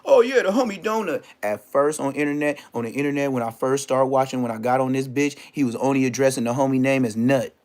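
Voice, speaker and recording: A middle-aged man recounting street drama in a casual, animated storytelling rant, full of slang and repeated phrases. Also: medium pitch, fast, hardly any pauses.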